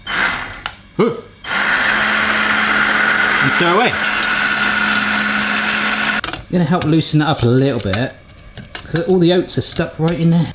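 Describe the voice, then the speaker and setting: A man's voice: fairly high pitch, moderate pace, pauses often, background noise. A man, chatting playfully to viewers as he tests kitchen gadgets in a casual vlog. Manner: playful, jokey, talks straight to viewers. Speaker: cooking gadget reviewer.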